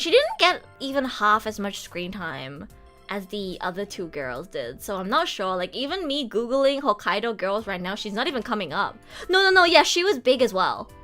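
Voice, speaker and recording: This young woman, a streamer and voice actor, chats casually on a livestream in a high-leaning, bright voice with a forceful tone. She's frank and giggly, often stumbling and starting her sentences over.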